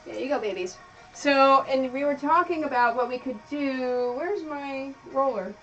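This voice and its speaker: A woman's voice: high-pitched, moderate pace, fairly bright tone, recorded from a distance, dull audio. A woman streaming from her home craft room, chatting casually in a rambling way with many fillers. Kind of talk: casual chat while quilting. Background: music playing.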